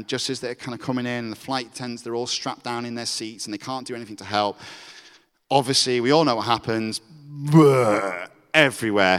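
Preacher, smooth voice, echoing hall. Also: male voice, mid-range voice. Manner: lively storyteller acting out voices. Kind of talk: storytelling sermon. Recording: reverberant hall.

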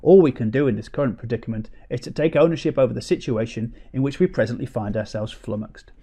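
A man voicing a calm, steady young wife in labour, soft and firm. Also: on the high side, moderate pace.

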